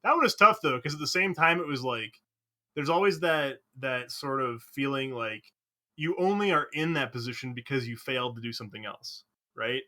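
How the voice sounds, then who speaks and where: A man's voice: medium pitch, moderate pace, sharp tone. A man, an esports player, talking animatedly in a post-match interview, rambling with lots of fillers.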